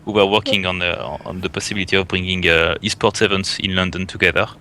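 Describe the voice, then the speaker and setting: Lively, forceful man swapping stories. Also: deep voice, quick pace, slight background noise. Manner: animated storyteller, many fillers and restarts, swears. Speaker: barcraft event organizer. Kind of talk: casual panel chat.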